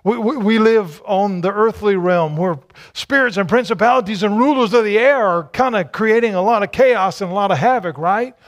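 Male pastor, high-pitched, emphatic sermon delivery with lots of repetition. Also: moderate pace, hardly any pauses. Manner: emphatic, repetitive rhetorical preaching with stammered restarts.

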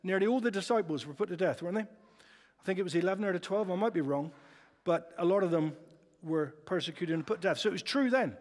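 A man preaching a sermon in a chatty, lively way, often putting rhetorical questions to the congregation. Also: high voice, quick pace. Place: church hall. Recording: long church reverb.

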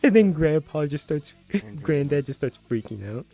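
A man's voice: on the high side, animated, moderate pace, dark tone, soft background music. A young man streaming in a social VR game, joking crudely and laughing often in casual chat. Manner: giggly, joking, crude banter.

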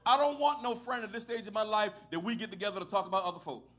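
Middle-aged male pastor, very high voice, slangy folksy sermon, shouts and laughs. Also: lively intonation, fast talker. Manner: swings from shouting to low storytelling, laughs often; casual, folksy preaching with street slang.

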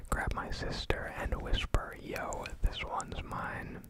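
A man voicing a young woman in love, in a whispered role-play of a rap, soft and low. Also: slow pace, close to an everyday voice, rough recording. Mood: smitten.

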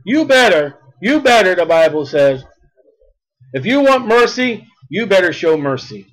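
Man, preacher, very high voice, fiery, repetitive cadences, shouts at climaxes. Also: very animated, unhurried, rough recording. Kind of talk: fiery sermon.

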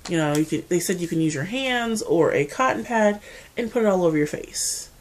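A woman from the Mid-Atlantic United States with an American accent, chatting casually to camera as a beauty vlogger, animated and full of asides. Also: fairly low pitch, a little fast, a little hiss or hum.

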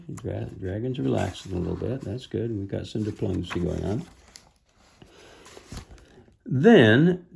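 A man reads a children's storybook aloud and stops now and then to explain it gently to young listeners. He reads slowly, and his voice has a gravelly, creaky edge. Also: medium pitch. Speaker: storybook reader. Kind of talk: reading a children's book aloud with asides.

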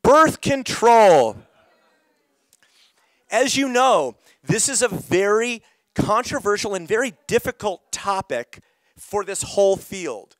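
A man's voice: high voice, sing-song, slow pace, fairly bright tone, no room sound. A middle-aged man leading an interactive climate workshop, calling on audience members while losing his voice. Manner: engaging, calls on audience members.

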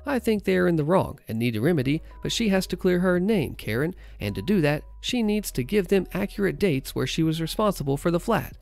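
A man voicing a calm, reasonable father in a story reading, measured and explanatory. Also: high-pitched, creaky, faint music behind.

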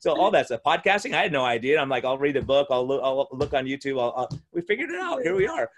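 A man's voice: mid-range voice, very animated, fast, a little hiss or hum. A male physician and podcast host in casual conversation at home, enthusiastic and rambling, often restarting his sentences. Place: room at home.

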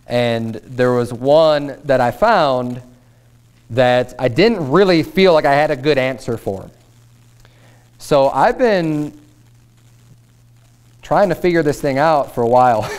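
A male pastor giving a Bible study sermon, reading scripture aloud and then explaining it in relaxed everyday speech. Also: medium pitch, smooth.

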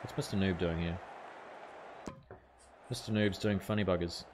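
Young New Zealand man, lowish voice, casual gaming streamer, reads chat aloud, light swearing. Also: steady tone, moderate pace, background noise. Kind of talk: live gameplay commentary, chatting with viewers.

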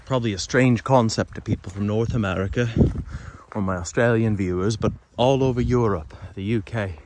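A man's voice: on the low side, fairly quick. Chatty man vlogging outdoors. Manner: chatty, loose, swears casually. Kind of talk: casual walking tour narration. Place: outdoors on forest trails by a city. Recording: outdoor background noise.

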